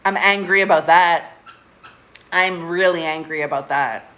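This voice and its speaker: A woman's voice: on the low side, unhurried, fairly bright tone. A woman hosting a casual live stream from home, speaking candidly, swearing often and laughing between her thoughts. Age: adult, getting older. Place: at home with a pet.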